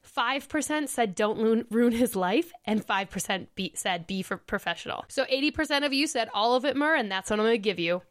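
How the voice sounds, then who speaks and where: A woman's voice: a little high, lively intonation, a little fast. Young woman, podcast host, casual storytelling, chatty, laughs often.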